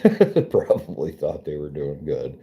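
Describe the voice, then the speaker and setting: Low-voiced guy streaming, swears a lot, jokes around, slow and really mellow tone. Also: slight background noise. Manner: profane, joking, laughs often. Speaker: streamer chatting with viewers. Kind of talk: casual chat.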